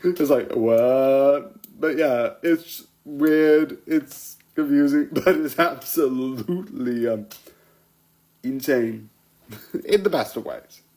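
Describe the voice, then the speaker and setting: A man's voice: a little high, slow, a little mellow, poor audio. Rambling young-sounding man chatting casually. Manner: rambling, laughs often, restarts sentences. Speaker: vlogger reviewing TV episodes.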